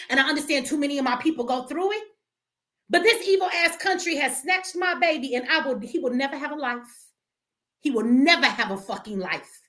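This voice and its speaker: A middle-aged woman hosting a livestream rants emotionally at her viewers, blunt, profane and heated. Her voice is high-pitched and bright, with a forceful tone.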